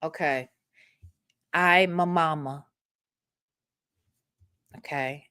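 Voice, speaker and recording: Speaking a little slowly in a high, bright voice with a forceful tone, a woman hosts a casual commentary livestream and reads chat aloud. Her manner is emphatic, repetitive and profane, with "okay?" added again and again. No room sound, clean studio audio.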